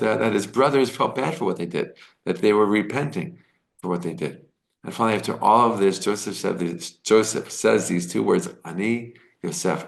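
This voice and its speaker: Gravelly-voiced man teaching Torah. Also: lowish voice. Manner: earnest, frequent "right?" check-ins, retells scripture with quoted dialogue. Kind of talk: casual spoken Torah lesson.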